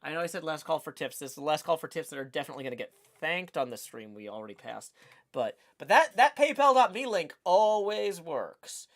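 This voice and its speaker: A man's voice: on the high side, sing-song, fairly quick. A man with a Southern US accent chatting casually on his livestream as host, rambling with lots of fillers. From Tennessee. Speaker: streamer host.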